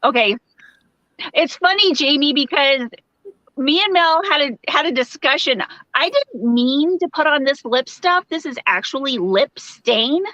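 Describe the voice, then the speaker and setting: A woman's voice: sits high, lively intonation, measured pace, sharp tone, no echo. A woman co-hosting a casual crochet livestream over a video call, chatty and giggly, often trailing off mid-sentence. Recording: dull lo-fi video call audio.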